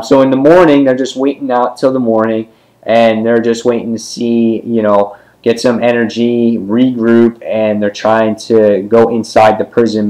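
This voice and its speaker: A man casually reviewing a comic book issue, with many ums and quick character voices as he retells the scenes. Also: on the low side, rough recording.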